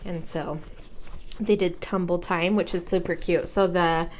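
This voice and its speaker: This young woman, a crafting vlogger, talks casually through a craft project, giggling and humming to herself as she works. Her voice sits fairly low with fairly even intonation and an unhurried pace, and there's a little hiss or hum on the recording.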